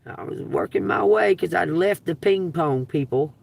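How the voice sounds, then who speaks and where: A woman's voice: on the low side, normal speed, creaky. A middle-aged woman with a Georgia accent, telling a rambling, profane story on a live stream. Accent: Southern US (Georgia). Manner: profane, animated, laughs through the story. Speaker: live-stream tarot reader. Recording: dry sound, distant from the mic.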